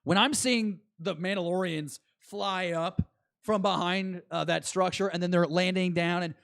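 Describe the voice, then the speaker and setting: A man co-hosting a podcast, chatting excitedly and rambling as an eager fan. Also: high voice, a little slow, creaky, dry recording, clean studio sound. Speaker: podcast co-host. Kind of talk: casual chat.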